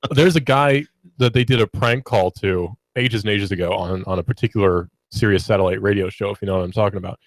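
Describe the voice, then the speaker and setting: A man's voice: lowish voice, brisk, dry recording, poor audio. A young man with a Southern American accent, co-hosting a radio talk show in casual, playful chat and laughing often. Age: young adult. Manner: playful, laughs often, mimics announcer voices. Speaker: radio co-host.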